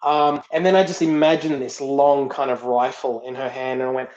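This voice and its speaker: Speaking at a moderate pace in a level, mid-range, slightly mellow voice, this guest director shares stories in a casual interview. He often repeats words as he searches for them, and the sound is lo-fi, dull and roomy.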